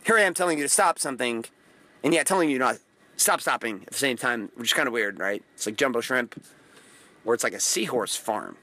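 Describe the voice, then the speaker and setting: A man's voice: medium pitch, animated, a little fast, sharp tone, dry recording. A man giving a blunt, profane motivational talk, hammering phrases by repeating them and acting out the people he quotes. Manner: acts out quoted voices. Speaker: motivational host.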